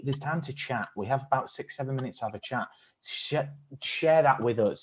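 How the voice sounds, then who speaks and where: A man from England co-leading a live-streamed acting workshop, speaking thoughtfully with some hesitant restarts. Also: mid-range voice. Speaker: workshop leader.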